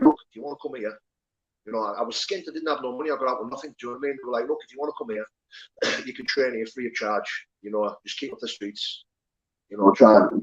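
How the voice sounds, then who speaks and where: A man's voice: medium pitch, highs cut off. A man, candidly telling his life story as an interview guest, swearing and rambling with many fillers. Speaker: guest, former prisoner turned pro fighter.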